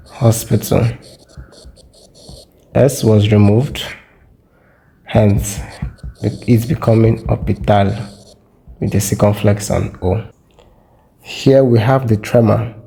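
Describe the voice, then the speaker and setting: A man teaching a French lesson, repeating words slowly and carefully so they can be copied. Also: on the low side, gravelly, mellow. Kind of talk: slow explanatory lesson.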